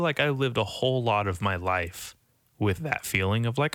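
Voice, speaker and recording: A young man talking casually to the camera in a rambling, profane, self-mocking way, jumping from topic to topic and now and then mocking panicked voices in a high squeak. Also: lively intonation, normal speed, fairly bright tone, no echo, clean studio sound. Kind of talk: casual vlog monologue.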